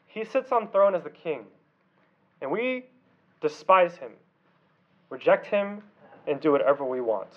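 A man preaching a sermon with intensity, punching some words hard and letting his sentences drop to hushed, low endings. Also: animated, measured pace, pauses often, muffled recording. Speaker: pastor.

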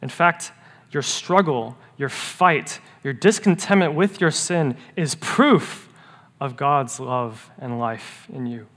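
A man preaching a sermon as pastor, earnest, rising to emphatic peaks and dropping to hushed, quiet lows. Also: takes it slowly. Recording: long reverb of a church hall.

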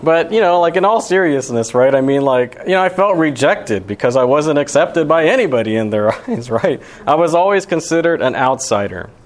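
A man's voice: fairly high pitch, expressive, moderate pace, hardly any pauses. A young man giving a sermon as pastor, talking in a casual, conversational way with lots of "you know" and "right". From Alabama.

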